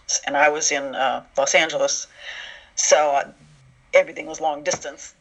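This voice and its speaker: A man's voice: a little high, fairly even intonation, normal speed, a bit bright. Chatty storyteller man on a dull line. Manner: chatty storyteller, acts out quoted voices. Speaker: writer of an animated series, interview guest. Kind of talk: relaxed interview talk. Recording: dull lo-fi sound.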